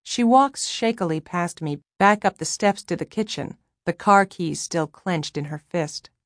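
A woman reading a first-person novel aloud in a low voice, with a wry, measured delivery. The recording is close and dry, with no room sound. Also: no room sound. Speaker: audiobook narrator.

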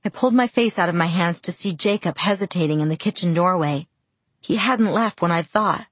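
A woman narrating a first-person audiobook in a steady, reflective way. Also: medium pitch, slightly rough, no room sound.

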